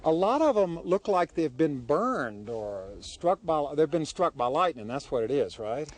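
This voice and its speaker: A fairly high-voiced man hosts a travel show out on a high mountain trail. He sounds out of breath from the thin air. He keeps asking eager questions, full of wonder at what he sees. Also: very animated, unhurried. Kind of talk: outdoor travel show interview.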